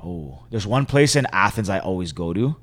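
A man co-hosting a podcast, chatting casually and telling an animated story from Canada. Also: low voice, normal speed. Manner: storytelling, animated retelling with quoted voices. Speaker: podcast co-host. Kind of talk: casual chat.

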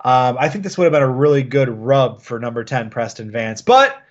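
A man's voice: mid-range voice, very animated, moderate pace. Male podcast co-host, casual and jokey, dull lo-fi recording. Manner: jokey, riffing, does goofy bits. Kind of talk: casual wrestling podcast chat.

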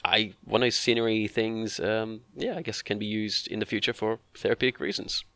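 A man's voice: lowish voice, steady tone, a little fast, fairly bright tone, dry recording. A man, co-hosting a casual chat and rambling through joking asides. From Australia. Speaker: podcast co-host.

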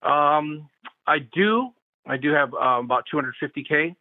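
A man's voice: fairly high pitch, animated, a little slow, no room sound. A man in his forties calling in to a radio show, polite and a little hesitant, with many fillers. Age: 40s. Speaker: caller. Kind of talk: phone-in question. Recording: tinny phone line.

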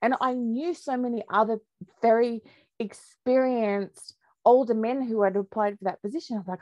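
A woman, a podcast guest, telling her story in a candid, lively way and laughing often. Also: fairly high pitch, moderate pace, no room sound, muffled recording. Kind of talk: casual storytelling interview.

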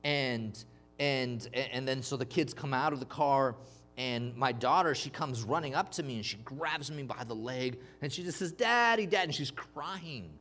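A man's voice: medium pitch, normal speed, a bit bright, slight background noise. A man preaching a sermon, emphatic, calling on the congregation to respond. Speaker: pastor.

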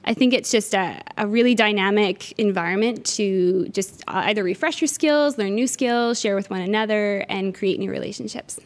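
Her voice sits at medium pitch, moving at a moderate pace with few pauses. She's a middle-aged cooking-class organizer from Newfoundland, guesting in an interview and answering in an eager, warm, talkative way full of filler "uh"s.

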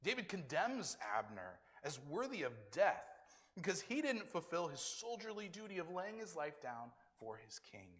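Pastor, male, conversational sermon delivery, acting out quotes, fairly high voice, long echo of a big hall. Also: very animated, moderate pace, fairly bright tone. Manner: conversational preaching, acts out quotes.

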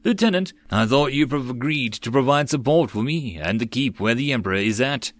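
A man's voice: mid-range voice, expressive, fairly quick, no echo, natural voice. A man voicing a tired sergeant who speaks in a resigned tone, in an audiobook. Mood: weary. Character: weary soldier sergeant leading a unit.

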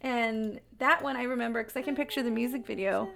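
A woman's voice: on the high side, a little fast, creaky, fairly bright tone. A woman co-hosting a podcast, chatting casually about songs and rambling with many fillers and restarts. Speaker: podcast co-host. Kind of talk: casual chat.

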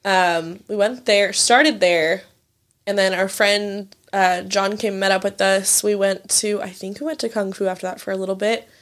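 Her mid-range voice holds a fairly even intonation at a normal speed. She's a woman in her twenties co-hosting a relaxed conversation, telling stories peppered with "like" and plenty of cursing.

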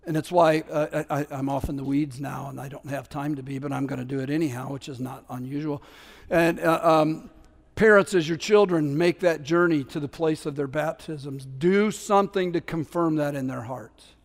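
Preaching at a moderate pace, a pastor speaks in a fairly high, creaky voice that echoes with long reverb, as if in a large sanctuary. His sermon is lively and conversational, with scripture characters voiced aloud and easygoing tangents.

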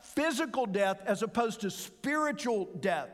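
High-voiced preacher in a reverberant hall. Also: male voice, expressive. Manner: earnest, warm expository preaching with drawn-out emphasis. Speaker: pastor. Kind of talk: sermon.

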